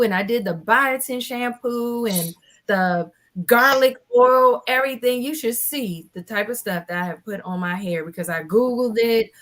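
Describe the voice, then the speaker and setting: A woman in her forties with a slightly higher voice, telling her own story as a panel guest. She talks in a lively, animated way and acts out the lines of the people in her story. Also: normal speed. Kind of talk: personal storytelling in a casual panel chat.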